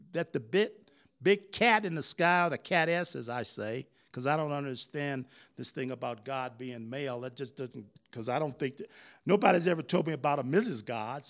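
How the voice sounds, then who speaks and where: An older man giving a storytelling history talk, animated and conversational, often checking in with his audience. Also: high voice, gravelly. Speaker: history speaker.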